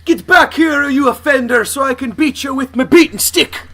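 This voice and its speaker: A man putting on a rowdy, shouting cop. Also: very high-pitched, normal speed, voice pushed up, full character voice. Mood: blustering. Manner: shouting wildly. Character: rowdy drunken male cop, overexcited and reckless. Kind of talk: improvised comedy bit.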